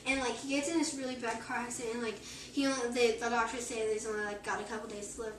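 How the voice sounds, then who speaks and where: A woman's voice: a little high, level tone, quick pace, a bit bright. A teenage girl telling a long joke to friends in a rambling, casual way, full of "like". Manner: rambling, heavy use of "like", acts out quoted voices. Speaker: joke teller. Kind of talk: casual storytelling among friends. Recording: echoey room, far from mic, noisy.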